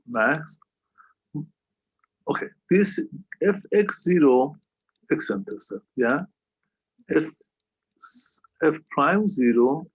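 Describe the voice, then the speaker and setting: A man's voice: mid-range voice, slightly rough. A man teaching a calculus lesson over a video call, who keeps checking understanding with a questioning "yeah?". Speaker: math tutor.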